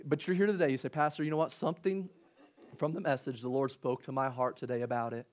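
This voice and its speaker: A male pastor delivering a sermon and altar call, rising to loud, high preaching peaks, then dropping to a soft, gentle invitation. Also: fairly even intonation, quick pace. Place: church auditorium.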